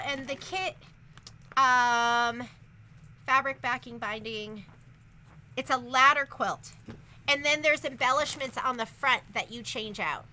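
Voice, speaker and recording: Bright, chatty woman sewing instructor. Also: high voice, a little hiss or hum. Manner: chatty, rambling, upbeat. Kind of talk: casual shop update.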